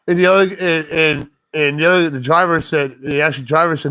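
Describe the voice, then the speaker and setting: Rambling, profane man with a slightly high voice. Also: fairly quick, hardly any pauses, clear, resonant tone. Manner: rambling, profane, animated retelling with quoted voices. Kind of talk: casual storytelling chat.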